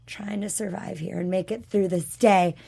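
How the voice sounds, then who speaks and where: A woman co-hosting a casual TV review chat, a little hoarse from being sick, who talks in a chatty, animated way and acts out the characters' lines. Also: mid-range voice, normal speed. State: sick with a rough voice. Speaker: podcast co-host.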